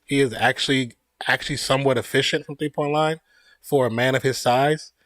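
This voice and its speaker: A man's voice: mid-range voice, steady tone, fairly quick, a bit bright, no echo. A man streaming casual play-by-play of a basketball game, opinionated and jokey, laughing at his own remarks. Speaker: streamer giving play-by-play at a live watch party. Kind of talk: casual fan play-by-play commentary.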